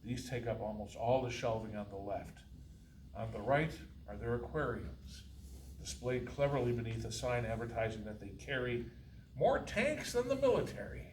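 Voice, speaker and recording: A man's voice: mid-range voice, animated, moderate pace. Male author reading his own fiction live; dry, wry; roomy hall, heard from a distant camera with faint hiss. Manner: dry, wry delivery with occasional chuckles. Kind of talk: live reading of a first-person novel. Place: college faculty reading room.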